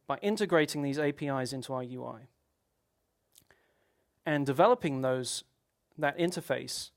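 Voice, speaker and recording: A man giving a technical conference talk, explaining at length with rhetorical questions and frequent restarts. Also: on the high side. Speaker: conference speaker.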